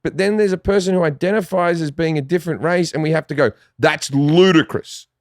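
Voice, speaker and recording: A man's voice: a little high, quick pace, no echo, clean studio sound. An Australian man guesting on a podcast, talking in a blunt, profane, rambling way with lots of restarts. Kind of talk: casual chat.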